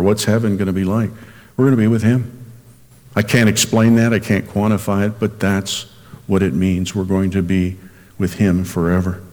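A man's voice: lowish voice, mellow. A man who is a senior minister, preaching a sermon and rising sharply in emphasis on key phrases. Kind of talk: recorded sermon for radio. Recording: long hall reverb.

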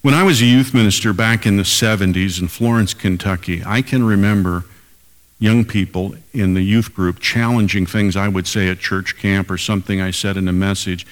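A man's voice: deep voice, steady tone, moderate pace, long reverb tail. An older man preaching a sermon as pastor, emphatic and repeating key lines for weight.

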